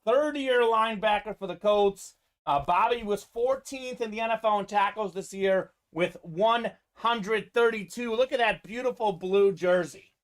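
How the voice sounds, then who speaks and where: A man's voice: sits high, moderate pace. Upbeat man hosting a live card break. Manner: upbeat, running commentary on teams and players.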